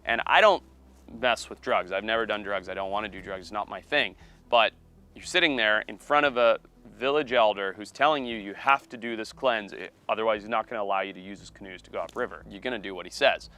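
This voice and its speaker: A man, a wildlife biologist and TV host, telling a story in a casual, animated way. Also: fairly low pitch, fairly quick. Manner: animated, acts out quoted voices.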